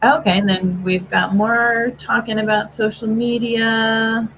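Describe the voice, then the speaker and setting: A woman's voice: on the high side, level tone, unhurried, fairly bright tone, slight background noise. A woman hosting a casual livestream chat, upbeat and full of filler words. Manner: chatty, upbeat, lots of "like" fillers. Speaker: livestream host. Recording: dull lo-fi stream audio.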